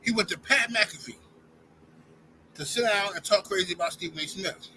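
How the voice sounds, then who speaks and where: A man's voice: high-pitched, moderate pace, sharp tone, a little hiss or hum, rough recording. A man giving an opinionated sports rant to his channel's viewers, heated and talking straight at them. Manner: heated, addresses viewers directly as y'all. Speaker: sports commentary YouTuber.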